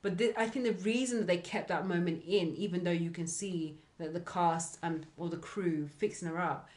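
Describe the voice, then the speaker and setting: A woman's voice: on the low side, moderate pace, a little mellow. A woman co-hosting a podcast in casual chat, often agreeing with short replies. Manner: agreeable, lots of short yeahs. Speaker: podcast co-host.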